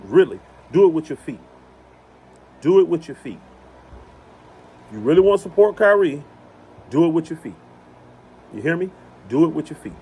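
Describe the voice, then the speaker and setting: A man's voice: on the high side, a little mellow, slight background noise. Emphatic man preaching outdoors. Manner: emphatic, repeats phrases for emphasis. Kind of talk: impassioned religious monologue. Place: outdoors on rural property.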